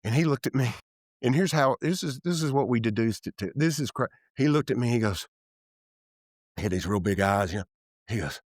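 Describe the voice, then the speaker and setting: Here a real estate developer from Tennessee, in his fifties, guests on an interview and spins candid, animated tales, acting out quoted dialogue and often losing his thread before starting again. His voice sits at medium pitch and moves fairly quickly. The office-room recording is dry and studio quality.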